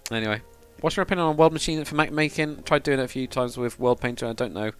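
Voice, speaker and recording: British man, live streamer, casual rambling chat, mid pitch, faint music behind. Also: fast, clear, resonant tone. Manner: rambling, swears, chats with viewers. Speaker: livestreamer.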